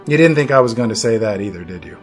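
A man's voice: mid-range voice, expressive, fast, faint music behind. A man hosting a movie podcast, narrating scripted film history with playful, dramatic emphasis. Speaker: podcast host.

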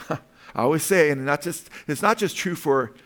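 A man's voice: fairly high pitch, animated, unhurried, fairly bright tone. An older man, a pastor, preaching a sermon built around family stories, chuckling often and calling out for amens. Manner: calls out for amens from the congregation. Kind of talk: sermon with personal anecdotes.

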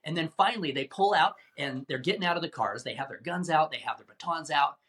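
Animated storytelling man, slightly high voice. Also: fast talker, a little hiss or hum. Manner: animated, acts out quoted voices, repeats words. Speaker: guest. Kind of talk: dramatic storytelling in an interview.

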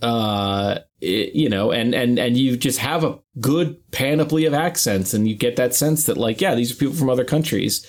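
A man's voice: medium pitch, normal speed, few pauses. A man co-hosting a podcast in casual chat, hedging with many "you know"s and dropping wry, dry asides. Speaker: podcast co-host.

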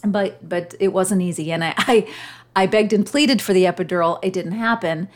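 A middle-aged woman speaks straight to her podcast listeners in a warm, personal monologue. Her talk is chatty and heartfelt, with pauses when emotion rises. Her pitch sits in an ordinary middle range. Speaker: podcast host.

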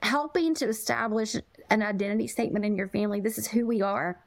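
A woman's voice: medium pitch, fast, vocal fry, no echo. A woman guest in a podcast interview, talking earnestly and with emphasis, sometimes repeating her words. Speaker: podcast guest, parenting coach. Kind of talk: conversational interview.

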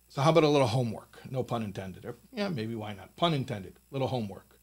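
A man teaching a Torah lesson in a studio, with a voice sitting at an ordinary middle pitch. He gets animated and louder when he drives a point home and often repeats words mid-thought. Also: a little fast, breathy edge. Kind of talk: recorded Torah talk with a closing blessing.

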